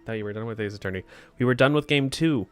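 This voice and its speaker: A man's voice: medium pitch, fast, smooth, faint music behind. A man streaming a game, chatting casually and reading the dialogue aloud in playful, goofy voices. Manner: animated, goofy, switches voices.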